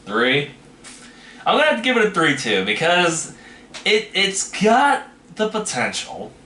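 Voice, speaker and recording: A man with a high-sitting, sharp-toned voice and huge pitch swings speaks unhurriedly while hosting a casual trailer reaction. Rambling and hedging with "you know what I mean," he chats casually in an echoey room with faint noise.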